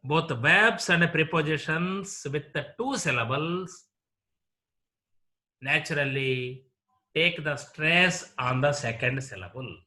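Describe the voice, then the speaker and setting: A man with an Indian English accent teaching a classroom lesson on word stress. His voice is very bright and slightly raised in pitch. He speaks very slowly and repeats each example word as a drill. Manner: slow, deliberate, repeats example words for drill. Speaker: college English lecturer.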